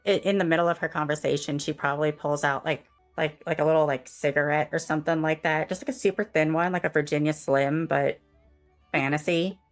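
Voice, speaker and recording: A woman's voice: low voice, fairly even intonation, brisk, faint music behind. A woman streamer describing her character's actions in a tabletop game in a chatty way, with many fillers. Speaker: player and streamer. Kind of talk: casual tabletop game narration.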